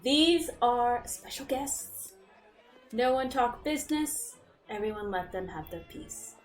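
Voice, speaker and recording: A woman voicing a warm, flirty woman tavern keeper who dotes on favoured guests and bosses rowdy patrons, sometimes dropping to a hush. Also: a little high, lively intonation, slow pace, echoey room, recorded from a distance, soft background music, voice pushed up. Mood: commanding. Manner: doting and conspiratorial, drops to a hush.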